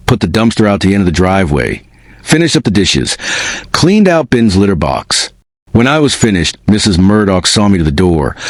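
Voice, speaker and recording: A man narrating a first-person spooky story in an expressive, unhurried way. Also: lowish voice, dry recording.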